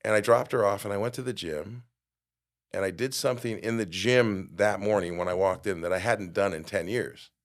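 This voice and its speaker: Low-voiced man telling a story animatedly. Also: moderate pace. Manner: animated storyteller, acts out quotes with big jumps in loudness. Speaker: guest. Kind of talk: storytelling in a podcast interview.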